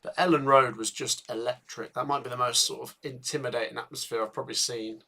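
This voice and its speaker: Bright-voiced fan commentating live. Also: male voice, mid-range voice, fast, creaky. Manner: excitable bursts at chances, chatty with viewers. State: tired, yawning. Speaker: football watchalong host. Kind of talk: live match commentary and chat.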